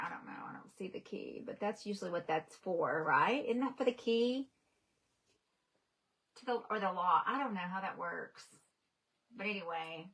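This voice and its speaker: Bright-voiced gushing woman. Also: fairly high pitch. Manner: gushing and excitable, chatty asides to viewers. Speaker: livestream host. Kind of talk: casual livestream chat.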